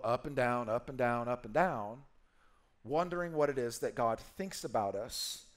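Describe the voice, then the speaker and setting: A man preaching a sermon as a pastor, playful and emphatic, acting out quoted voices and repeating key phrases. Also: medium pitch.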